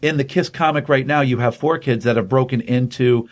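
A middle-aged man in his fifties hosting a casual chat, walking through a comic's plot with plenty of fillers. His voice is mid-pitched and ordinary, carried by animated storytelling. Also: brisk. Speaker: podcast host. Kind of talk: casual comic-book recap.

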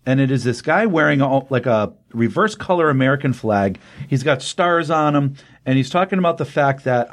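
A podcast host casually recaps a comic book story in an animated, medium-pitched voice at a moderate pace. He rambles with plenty of ums and restarts, briefly acting out the characters' lines.

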